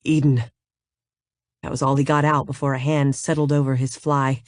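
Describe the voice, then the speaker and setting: A woman narrating a romance audiobook in a steady, even way. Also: a bass voice, fairly quick, no room sound, studio quality.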